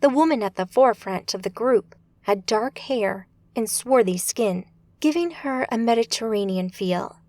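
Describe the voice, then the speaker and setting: A woman narrating an audiobook in a steady, measured way. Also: a little high, no room sound.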